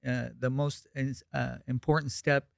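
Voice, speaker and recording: Male podcast co-host, gravelly and resonant, reflective delivery. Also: mid-range voice, level tone, measured pace, dry recording, clean studio sound. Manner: reflective, hesitant with fillers. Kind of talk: casual recovery podcast talk.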